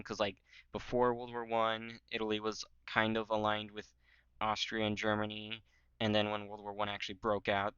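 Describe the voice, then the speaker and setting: A man with a lowish, bright, crisp voice rambles casually over a history map. He fills the gaps with "um" and "like" and drops goofy jokes. The sound is slightly muffled and dry. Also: no room sound. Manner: rambling, filler-heavy, joking. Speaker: history channel host.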